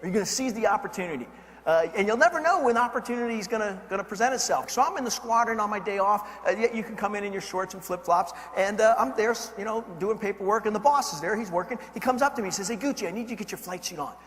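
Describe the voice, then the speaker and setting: A fast-talking man with a high, bright voice tells a story to a crowd, building the excitement with dramatic swings. His voice rolls out with long reverb in a large hall, over a faint background hiss. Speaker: motivational speaker. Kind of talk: keynote storytelling.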